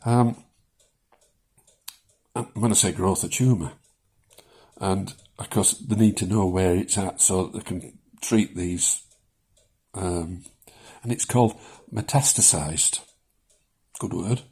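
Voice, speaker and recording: A man in his seventies talking casually in a personal vlog, rambling with many pauses and chuckling at his own jokes, shaky as he speaks. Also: sits low, a little mellow, husky. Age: 70s. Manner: rambling, self-deprecating, chuckles often, many ums. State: shaking. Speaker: vlogger sharing his cancer experience.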